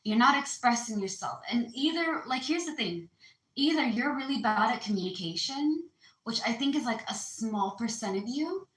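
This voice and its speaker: A woman's voice: a little high, animated, normal speed, fairly bright tone, roomy sound, rough recording. A woman giving a casual astrology card reading, chatty and slangy, calling her listeners baby. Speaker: tarot card reader.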